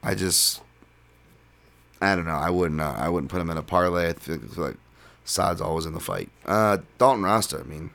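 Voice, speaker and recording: A man with a very low voice hosts a solo podcast. He talks in a loose, rambling way and leans on "um" and "uh" as he thinks. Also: normal speed, vocal fry. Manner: relaxed, rambling, filler-heavy. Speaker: podcast host. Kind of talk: casual solo podcast talk.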